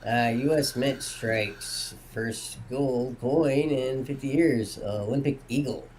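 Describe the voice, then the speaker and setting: A man's voice: medium pitch, takes it slowly, darkish tone, a little hiss or hum, poor audio. Laid-back man reading dates. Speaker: co-host. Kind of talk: casual history chat.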